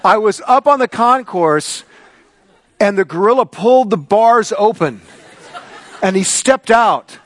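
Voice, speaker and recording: High-voiced, animated man preaching. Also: measured pace, some chatter behind. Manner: animated storyteller, gets loud and excited. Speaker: pastor. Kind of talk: sermon with a personal story.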